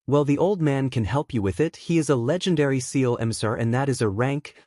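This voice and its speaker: A man's voice: medium pitch, fast, darkish tone, no room sound, studio quality, lightly acted. A man voicing a brash, cocky young male ninja who talks back mockingly in a fanfic reading. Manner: mocking, defiant.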